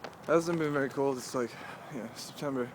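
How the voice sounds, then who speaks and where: A young man talking casually to the camera as he walks outdoors through a cemetery, rambling and halting, with many "like"s and restarts. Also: medium pitch, background noise. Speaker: vlogger. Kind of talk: casual walking vlog monologue.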